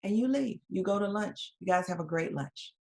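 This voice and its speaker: A woman presenting a webinar in a fairly low voice. She talks to her listeners directly and conversationally, often checking in with "right?" as she walks them through a case. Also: lively intonation, moderate pace, creaky. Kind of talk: webinar lecture.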